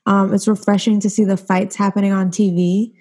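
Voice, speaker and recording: A woman hosting a casual discussion, posing questions and sharing measured thoughts. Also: mid-range voice, flat delivery, darkish tone. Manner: leads with questions, measured and reflective. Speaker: discussion host.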